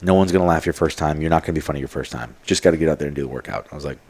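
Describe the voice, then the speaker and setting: A man's voice: rumbling low, rapid-fire, a little mellow, slightly rough. A man telling stories as a podcast guest, in a rambling casual way full of fillers and quoted asides. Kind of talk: casual storytelling.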